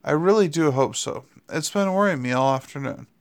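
A man's voice: on the high side, expressive, fairly quick, smooth. A man voicing a fussy, anxious male angel who talks in a worried, apologetic way.

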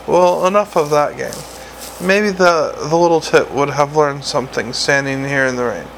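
A man's voice: a little high, vocal fry, a bit bright, slight background noise, low-quality recording. A man reading a novel aloud as narrator, with occasional slips and restarts. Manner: reads with small slips and restarts. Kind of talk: audiobook narration.

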